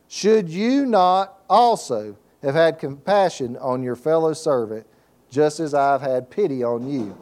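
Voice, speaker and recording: A pastor preaching a sermon, reading scripture aloud and breaking off for folksy asides and call-and-response questions. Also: male voice, high voice, a little mellow.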